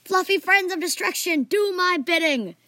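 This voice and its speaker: A woman's voice: medium pitch, big pitch swings, takes it slowly, darkish tone, slightly rough, dry recording, clean studio sound, full character voice. A woman voicing an enthusiastic, kitten-loving boy in a storybook reading. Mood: gleeful. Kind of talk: storybook character voice.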